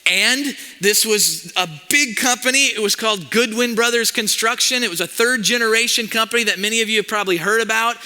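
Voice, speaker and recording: A male pastor telling a story in a sermon, animated and acting out the conversations in it. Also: sits high, brisk, few pauses. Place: church auditorium. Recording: long hall reverb.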